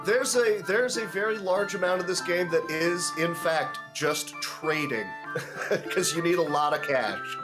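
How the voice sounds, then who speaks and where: A man's voice: high-pitched, unhurried, over music. A man explaining a video game casually as he plays, with frequent restarts and small chuckles. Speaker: game player.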